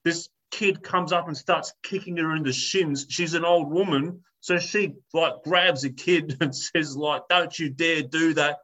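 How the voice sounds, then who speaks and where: A man's voice: fairly high pitch, fairly even intonation, a little slow, few pauses, a bit bright, poor audio. A man telling a story in a casual chat, ranting animatedly, swearing and acting out the people in it.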